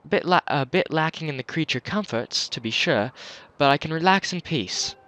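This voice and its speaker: A man's voice: on the high side, expressive, normal speed, pushed and bright. A man voicing a genteel old male shopkeeper with a put-on English accent, speaking in flowery, pompous phrases and tripping over his words.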